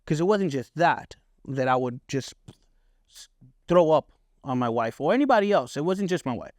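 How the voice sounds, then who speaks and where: A fairly high, expressive, slightly mellow voice belongs to a middle-aged podcast host speaking at normal speed. In a candid, casual monologue of personal stories, he swears freely and often checks in with "right?" The recording is clean studio sound without echo.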